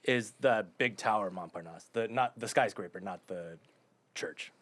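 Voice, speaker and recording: A man's voice: lowish voice, moderate pace, fairly bright tone. A man co-hosting a podcast, chatting casually and rambling hesitantly with many fillers. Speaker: podcast co-host. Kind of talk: casual chat.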